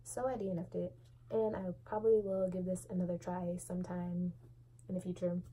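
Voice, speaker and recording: A young woman talks through a casual book review in a low, mellow voice. She is candid and expressive, and there is a faint hiss of noise behind her. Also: fairly quick, low-quality recording. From Southern United States. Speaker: book vlogger.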